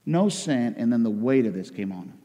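A man preaching a sermon as pastor, swinging between loud emotional outcries and hushed intensity. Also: medium pitch, expressive, fairly quick, in a large hall.

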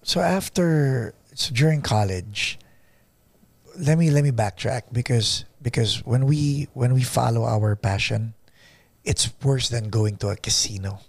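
A man's voice: mid-range voice, a little slow, gravelly, breathy edge, no room sound. A man hosting a podcast interview, asking probing follow-up questions. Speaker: podcast host.

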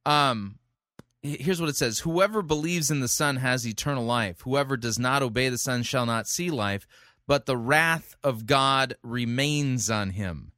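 A man commenting on a sermon recording in a conversational, animated way, often restarting his sentences. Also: medium pitch, a little slow, no echo, clean studio sound. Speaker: sermon reviewer.

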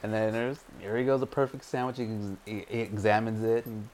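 A man's voice: lowish voice, little pitch movement, fairly quick, a little mellow, slight background noise. A man co-hosting a casual podcast, loosely retelling the plot with many fillers. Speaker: podcast co-host. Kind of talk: casual chat.

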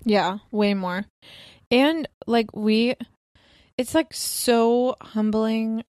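A woman's voice: fairly high pitch, drawn-out words, darkish tone, no echo, clean studio sound. A woman in her twenties chatting as a podcast co-host, rambling with lots of fillers and laughs. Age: 20s. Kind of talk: casual chat.

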